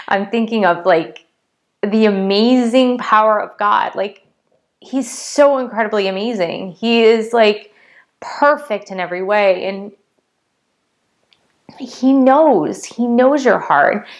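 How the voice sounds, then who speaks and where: A woman's voice: medium pitch, slow pace, long pauses. Earnest woman vlogger, heavy filler words. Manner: earnest, repetitive, many "like" fillers; emotional, near tears at times. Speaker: spiritual vlogger. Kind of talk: casual heartfelt testimony to camera.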